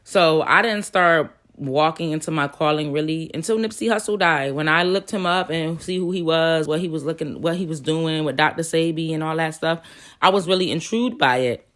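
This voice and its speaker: A woman's voice: sits low, normal speed, a bit bright. A young woman in her twenties, rambling and earnest, shares personal spiritual stories in a casual vlog. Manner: rambling, earnest storytelling with restarts and emotional swells. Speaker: spiritual vlogger. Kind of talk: casual personal testimony to camera.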